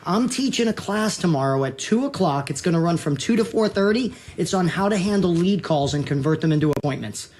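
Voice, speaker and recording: A man's voice: high voice, lively intonation, fairly quick, hardly any pauses, a little mellow, slight background noise. A man, a real estate broker, giving emphatic and punchy sales coaching as a guest on a talk show. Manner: emphatic, punchy repeated rules.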